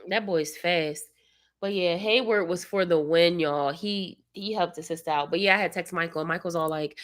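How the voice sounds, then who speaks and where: A tired, congested young woman, casually telling a story to her livestream viewers. She acts out the people she quotes and sometimes bursts out loudly. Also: on the low side, moderate pace. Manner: animated storyteller, acts out quotes, sudden loud outbursts. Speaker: vlogger, mother of young kids.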